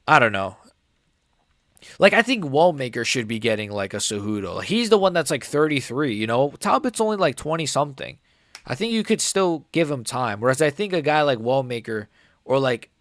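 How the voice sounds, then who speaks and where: A man's voice: mid-range voice, dry recording, studio quality. Casual young man rambling fight talk. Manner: rambling, filler-heavy, says "like" and "bro" often. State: voice cracking upward at times. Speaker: host of a live fight reaction stream. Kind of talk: casual live reaction chat.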